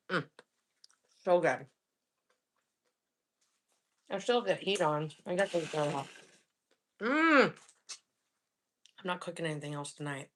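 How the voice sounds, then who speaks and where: A woman in her forties hosting a live cooking stream, chatting casually and humming between bites. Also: low voice. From Florida. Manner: relaxed, chatty, hums with food between remarks. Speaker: livestream host cooking and eating. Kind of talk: casual live chat while eating.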